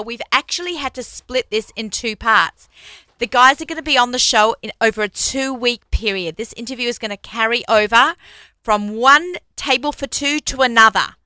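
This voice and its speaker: A woman's voice: on the high side, pushed and bright, smooth, dry recording. A woman hosting a radio talk show in a studio, chatty and upbeat, laughing often. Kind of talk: casual studio chat.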